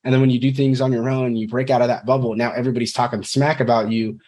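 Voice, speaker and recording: A man's voice: medium pitch, level tone, quick pace, darkish tone. Frank, rambling man telling his story. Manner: rambling, frank, curses casually. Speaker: podcast guest. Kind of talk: candid personal storytelling.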